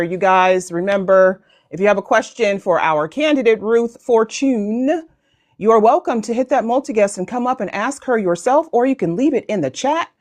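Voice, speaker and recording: An American woman in her forties who moderates a live online town hall, joking and rambling casually as she talks. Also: mid-range voice. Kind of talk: casual livestream chat. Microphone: video call.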